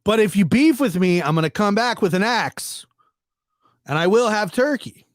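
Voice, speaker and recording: A high-voiced man tells a comic story in a dry, close recording. His pitch swings widely as he acts out the characters. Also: lively intonation, moderate pace, no echo. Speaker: stand-up comedian. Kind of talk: comedic storytelling monologue.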